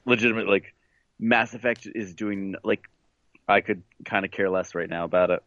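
A man in casual podcast chat about games, chiming in with wry, quick interjections. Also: lowish voice, a bit bright, dry recording. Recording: dull, dry lo-fi mic.

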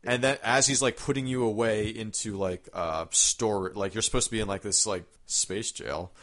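A man's voice: lowish voice, steady tone, normal speed, a bit bright. A man in casual gaming chat, rambling with lots of fillers and the odd swear word. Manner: rambling, lots of fillers and swearing, laughs at his own stories.

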